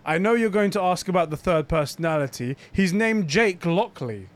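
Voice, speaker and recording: A man's voice: sits high, animated, moderate pace. A man co-hosting a casual podcast, bantering easily and laughing often. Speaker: podcast co-host. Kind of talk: casual chat.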